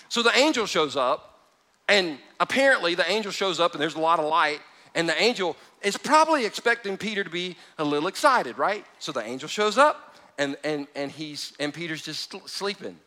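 High, bright-voiced animated preacher man. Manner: animated, swinging from hushed to loud, joking asides. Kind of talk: sermon. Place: church hall with a live audience.

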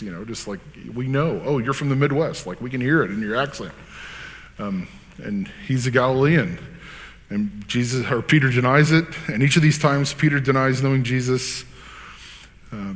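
A man's voice: medium pitch, long reverb tail. A man reading scripture aloud, then preaching in an earnest, conversational way with casual fillers. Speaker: pastor.

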